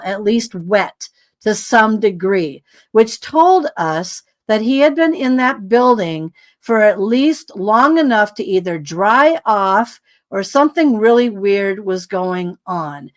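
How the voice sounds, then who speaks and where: A woman, a podcast guest, telling a long story in a rambling, animated way with many asides. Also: medium pitch, slow.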